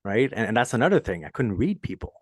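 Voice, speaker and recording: A man with a French Canadian accent hosts a relaxed podcast conversation, earnest and rambling, often breaking into laughter mid-story. His voice sits in an ordinary middle pitch. It is recorded close and dry, with no room sound. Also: quick pace, husky, no room sound. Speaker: podcast host. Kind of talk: casual podcast chat.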